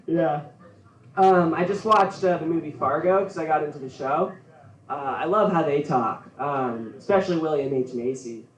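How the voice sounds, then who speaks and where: A man's voice: a little high, a little slow, slight background noise. A man doing a stand-up set at a comedy venue, rambling and laughing at his own jokes. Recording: roomy, from far off.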